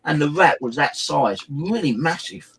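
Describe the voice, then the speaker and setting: A man's voice: fairly high pitch, animated, a little slow, vocal fry, noisy background. A middle-aged man chatting casually on a live stream, rambling through stories and swearing freely. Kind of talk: casual chat.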